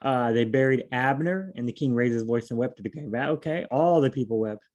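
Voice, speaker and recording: A man leads a casual Bible study, reading verses aloud and explaining them in a chatty, animated way. His mid-range voice moves fairly quickly, and the recording's highs are cut off.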